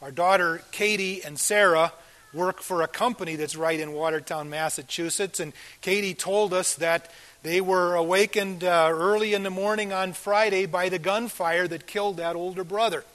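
An older pastor delivering a sermon in a fairly high voice. He talks earnestly, swelling into loud emphatic lines and then sinking to near-hushed asides. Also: steady tone, normal speed. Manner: earnest, swings between loud emphasis and soft quiet asides.

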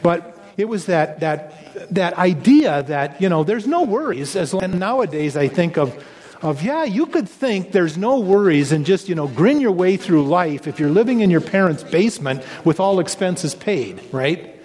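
Male pastor, folksy conversational preacher, slightly high voice, long church-hall reverb. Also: lively intonation, measured pace, a little mellow. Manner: chatty, folksy, asks the congregation questions. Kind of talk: conversational sermon.

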